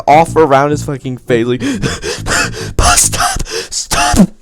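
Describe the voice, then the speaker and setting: A young man telling a crude, rambling comedic story and laughing as he goes. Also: sits high.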